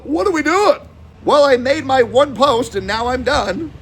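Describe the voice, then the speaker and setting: A young adult man streaming a heated, profane rant, swinging between shouting and low muttering. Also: expressive, a little slow, slight background noise.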